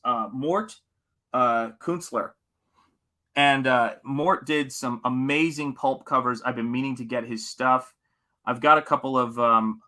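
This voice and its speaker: A man's voice: mid-range voice, pushed and bright. A man hosting a casual livestream while painting, chatting enthusiastically and answering viewers. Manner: enthusiastic, rambling, answers chat. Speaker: livestream host and comic painter.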